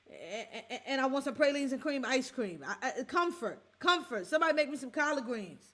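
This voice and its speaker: A woman from the Bronx in her forties, hosting a reaction show and talking to her listeners in a heartfelt, halting way. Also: high-pitched, animated, fairly bright tone. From the Bronx, New York. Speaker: podcast host. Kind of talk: emotional reaction chat.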